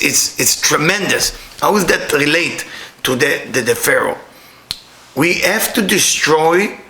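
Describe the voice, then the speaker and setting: A man teaches Kabbalah in an animated, storytelling way, full of playful asides. His voice is bright and fairly high, and it swoops up and down a lot. The room is echoey, with a faint hiss underneath. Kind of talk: weekly Torah portion talk.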